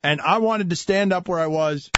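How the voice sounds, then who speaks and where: A man's voice: high voice, moderate pace, heavy background noise. A man hosting sports talk radio, emphatic and mocking, on a dull lo-fi studio recording. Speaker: radio show host.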